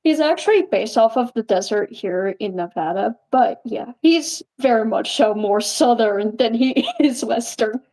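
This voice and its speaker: Young woman streamer, high and mellow, rambling casual Q&A chat. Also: animated, a little slow, hardly any pauses, rough recording. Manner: rambling, chatty, laughs often. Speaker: puppeteer live streamer.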